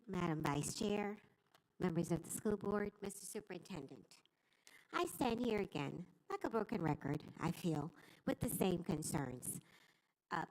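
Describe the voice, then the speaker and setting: A woman's voice: medium pitch, vocal fry, rough recording. An older woman, a veteran teacher, making an earnest, impassioned plea during public comment at a school board meeting. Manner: earnest, pleading, rising with emotion.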